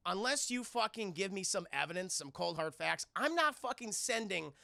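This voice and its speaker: A man's voice: high-pitched, lively intonation, moderate pace, vocal fry, sharp tone, dry recording, studio quality, exaggerated voice. A man playing an impatient army general who barks and swears. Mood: angry. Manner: barking, profane.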